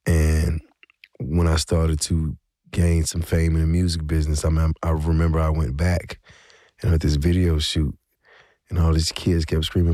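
A man's voice: extremely low pitch, moderate pace, no room sound, clean studio sound. A middle-aged man, a guest telling stories in a casual interview with easy fillers. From South Georgia. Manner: relaxed storytelling with fillers. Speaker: guest, rapper.

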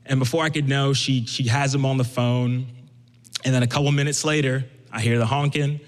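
A man's voice: medium pitch, fairly quick. A young man from Brooklyn telling a personal story on stage, conversational and acting out the people he quotes. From Brooklyn, USA. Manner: conversational, animated quoting. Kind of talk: live storytelling. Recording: echoey hall.

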